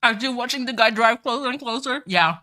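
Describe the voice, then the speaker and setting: A woman with a fairly high, sharp voice talks briskly as she plays a game on stream. She's chatty and casual, swearing often and dropping "like" constantly.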